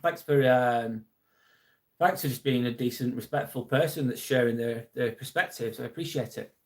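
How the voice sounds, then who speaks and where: Livestream host, male, Lancashire accent, mid-pitched, earnest, casual, occasional swearing. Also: moderate pace. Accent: Lancashire English. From England. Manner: earnest, supportive, swears now and then. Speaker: live stream host. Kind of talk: casual live-stream chat reading viewer comments.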